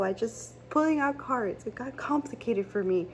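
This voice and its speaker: A woman's voice: fairly high pitch, animated, normal speed, slight background noise. A woman giving a casual tarot reading, rambling and chatty with many fillers and restarts. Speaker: tarot reader.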